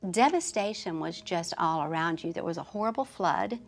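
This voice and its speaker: A woman's voice: fairly low pitch, expressive, normal speed, faint music behind. A woman hosting a talk show, sympathetically recapping her guest's story before asking him a question. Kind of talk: interview questions.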